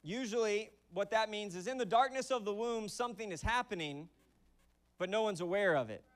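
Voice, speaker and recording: A young adult man preaching a sermon in a church, conversational and animated, acting out quick bits of dialogue as he tells stories. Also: high voice. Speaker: pastor. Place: church auditorium.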